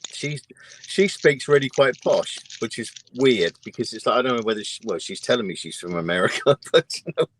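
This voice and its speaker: A man's voice: mid-range voice, lively intonation, a little fast, fairly bright tone, husky. A British man, a guest trucker, chatting casually and often laughing through his stories. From Britain. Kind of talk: casual chat.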